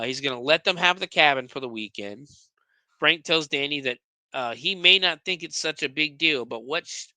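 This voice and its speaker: Bright-voiced man recapping a movie. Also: on the high side, dry recording. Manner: profane, sarcastic, stumbling over words. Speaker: podcast host recapping a movie.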